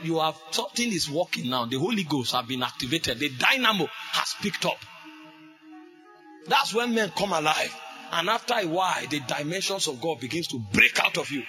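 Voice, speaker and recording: Man, fervent sermon, somewhat high voice, forceful tone, faint music underneath. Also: expressive, fairly quick. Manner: fervent, repetitive, bursts into shouts. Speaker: preacher.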